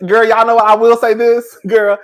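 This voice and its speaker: A man's voice: very high voice, level tone, moderate pace, a bit bright. A man hosting a livestream of gossip commentary, talking in sassy, profane, hollering rants straight to his viewers. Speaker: YouTube commentator.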